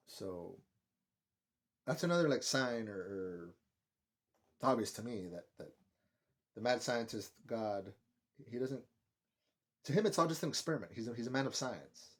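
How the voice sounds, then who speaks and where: A man's voice: mid-range voice, animated, measured pace, pauses often. A man giving a casual, rambling film review, swearing often and filling his talk with "like". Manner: rambling, profane, heavy use of "like".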